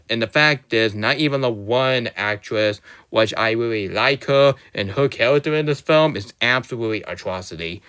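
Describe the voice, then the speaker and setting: A man's voice: medium pitch, a bit bright, clear, resonant tone. A young man delivering a rambling, exasperated movie rant in a casual, loose way. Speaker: movie reviewer.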